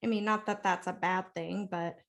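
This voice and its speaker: A woman co-hosting a casual movie review podcast, laughing often and acting out characters in quick funny voices. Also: lowish voice, fairly even intonation, gravelly, fairly bright tone. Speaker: podcast co-host.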